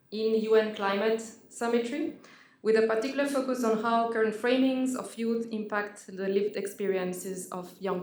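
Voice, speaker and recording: A woman moderating an academic panel, introducing the speakers in a halting way, with frequent fillers and restarts. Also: fairly high pitch. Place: venue hall at an academic event. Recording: echoey room.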